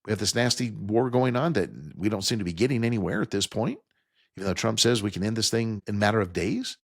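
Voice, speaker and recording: A man hosting financial talk radio, speaking in a somewhat low voice into a studio microphone. He leans on key figures with emphasis and explains them plainly for his listeners. The sound is close and dry. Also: fast, no echo. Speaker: radio talk show host.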